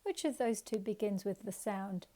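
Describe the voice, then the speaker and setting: A woman teaching a phonics lesson to young children, slow and sing-song, encouraging, sounding out letters and asking questions. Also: medium pitch, lively intonation, warm tone.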